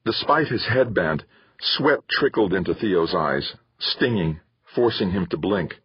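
A man narrating a science fiction audiobook in a measured storytelling manner, in a dull lo-fi recording. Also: deep voice, lively intonation, slightly rough, no echo. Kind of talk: scripted narration.

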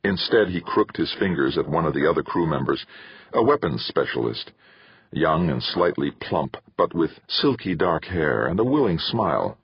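A man narrating an audiobook in a measured, expressive way. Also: a bass voice, breathy edge, no echo, highs cut off. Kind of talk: scripted narration.

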